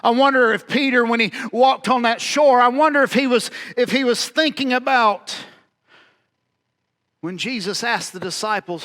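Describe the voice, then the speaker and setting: A man with a strikingly high voice preaches a sermon. He tells the story vividly, repeating words for emphasis and voicing its speakers himself, then drops low and quiet before rising again. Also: moderate pace. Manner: dramatic preaching, acting out quoted dialogue with swings in loudness. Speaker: pastor.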